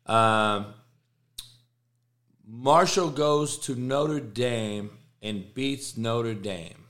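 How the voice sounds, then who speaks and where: Bright-voiced, profane man ranting. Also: medium pitch, drawn-out words. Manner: profane, emphatic, repeats himself. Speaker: sports podcast host. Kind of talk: casual rant on college football.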